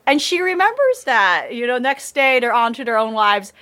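A woman's voice: a little high, sing-song, normal speed, pushed and bright. A woman in casual anime review chat, rambling, swearing, and laughing often.

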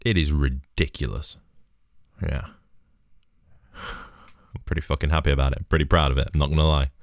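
Deep-voiced man, casual sweary comic monologue, dry close sound. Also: little pitch movement, normal speed, no echo. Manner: sweary, rambling, sardonic.

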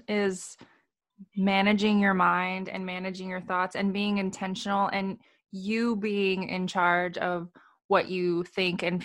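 A woman co-hosting a casual coaching podcast, explaining ideas calmly and laughing easily. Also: medium pitch, dry recording. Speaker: podcast co-host.

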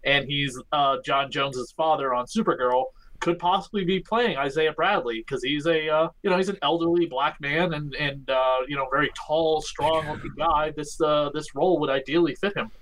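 Casting: man, slightly raised pitch, loose rambling comics-podcast talk. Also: normal speed, a bit bright, rough recording. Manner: rambling, many fillers, does a deep impression for a joke. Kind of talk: casual podcast chat about comics.

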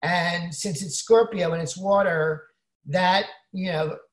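Brief: woman co-host, lowish voice, explanatory chat manner, roomy echo. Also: steady tone, slow. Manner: explanatory, frequent "you know" fillers. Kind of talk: casual chat, explaining astrology.

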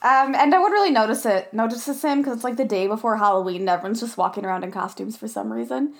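A woman's voice: a little high, quick pace, creaky. A young woman co-hosting a casual podcast, giggly and eager to quote favorite movie lines. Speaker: podcast co-host. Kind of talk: casual chat recapping a movie.

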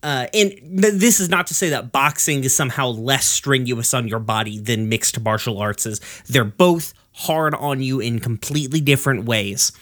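A man's voice: mid-range voice, normal speed, few pauses, fairly bright tone. A man co-hosting a casual podcast, ranting with heavy swearing. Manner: profane, ranting.

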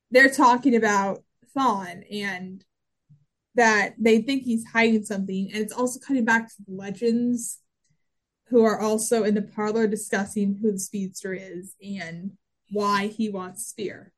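A woman co-hosting a podcast, chatting excitedly about a TV episode and laughing often. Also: medium pitch, a little slow. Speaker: podcast co-host. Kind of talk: casual chat recapping a TV episode.

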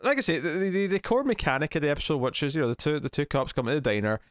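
A man co-hosting a podcast, chatting in an animated, jokey, rambling way about a TV episode. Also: on the high side, very fast, clear, resonant tone, no echo, clean studio sound. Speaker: podcast co-host. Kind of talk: casual chat reviewing a TV episode.

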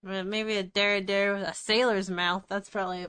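A woman's voice: mid-range voice, little pitch movement, normal speed, fairly bright tone, clean tone, no echo. A woman hosting a podcast in casual chat, blunt and dry-humored, swearing freely. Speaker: podcast host.

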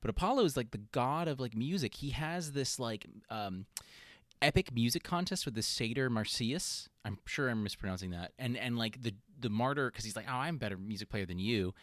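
A man co-hosting a podcast, chatting casually and rambling with quick silly impressions. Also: medium pitch, lively intonation, fairly bright tone, no room sound, clean studio sound. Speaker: podcast co-host. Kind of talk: casual chat about mythology.

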